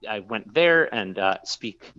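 Rambling low-voiced man telling a story. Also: lively intonation, takes it slowly, gravelly, bright, forceful tone, dull audio. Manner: rambling, with many fillers and restarts. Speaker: brewer. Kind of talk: casual storytelling interview.

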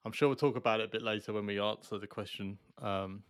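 A man's voice: fairly low pitch, fairly even intonation, fast, clean tone, no echo, studio quality. A man hosting an interview, asking long winding questions and correcting himself as he goes. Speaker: interview host. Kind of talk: casual interview conversation.

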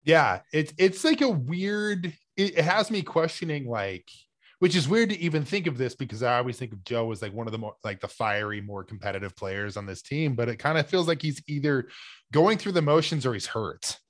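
A man's voice: medium pitch, a little fast, dry recording. Chatty man breaking down basketball. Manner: animated, speculative, many "like" fillers. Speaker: sports podcast co-host. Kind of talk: casual sports chat.

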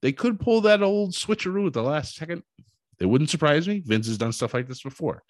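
A man recapping a wrestling show in a casual, animated storytelling way, acting out what people said. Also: on the high side, fairly quick, dry recording. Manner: animated storytelling, acts out quotes.

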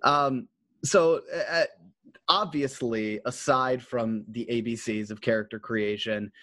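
A man's voice: mid-range voice, steady tone, slow pace, fairly bright tone, dry recording. Man explaining rules, swearing casually. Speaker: game master and podcast host. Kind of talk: casual podcast chat.

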